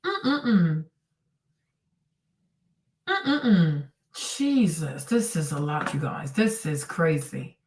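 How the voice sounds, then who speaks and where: A woman hosting a livestream and commenting on clips in a blunt, exclamatory manner. Her pitch swings widely and stays fairly high. The sound is echoey, as if picked up from across a room. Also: animated, a little slow, few pauses, a little mellow. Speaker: host. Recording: roomy and distant from the mic.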